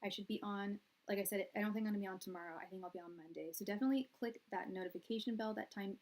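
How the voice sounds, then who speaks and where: A woman hosting a tarot live stream from a room at her parents' house, chatting in a soft, soothing voice with many fillers and restarts. Her audio comes through quiet and low. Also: racing, rough recording. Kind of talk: casual live-stream chat. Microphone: quiet, low-level live-stream audio.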